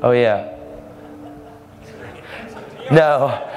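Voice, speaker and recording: A man preaching a storytelling sermon, animated, acting out the people in his stories with sudden jumps in pitch. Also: moderate pace, noisy background. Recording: long hall reverb, faint music.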